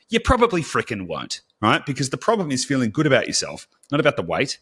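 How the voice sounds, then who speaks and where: A man co-hosting a podcast in a casual, blunt, animated way, swearing freely. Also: mid-range voice, a little fast, few pauses, husky. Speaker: podcast co-host.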